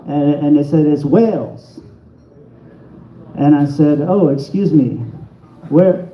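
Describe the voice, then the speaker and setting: A fairly high-voiced man talks his way through a stand-up set, halting and restarting as he rambles and mocks himself. He is recorded in an echoey small bar with a muffled, lo-fi sound. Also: a little hiss or hum. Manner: rambling, self-deprecating, halting delivery with restarts. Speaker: stand-up comedian at an open mic. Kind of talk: stand-up set with crowd work. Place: small bar comedy venue.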